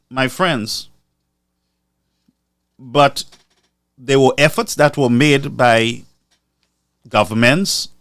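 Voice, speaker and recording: A man's voice: mid-range voice, a bit bright, no echo, clean studio sound. A man from Lucia, giving commentary on a live stream and repeating figures for emphasis. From Saint Lucia.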